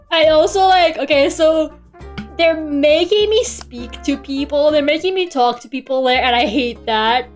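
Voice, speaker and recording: A young woman chatting casually on a stream while drawing. She grumbles, swears freely and giggles often. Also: high-pitched. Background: faint music.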